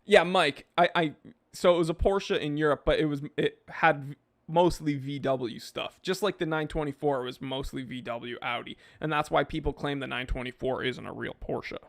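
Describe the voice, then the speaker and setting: A man's voice: a little high, moderate pace, gravelly. A man hosting a podcast, reading chat and rambling casually in laid-back slang.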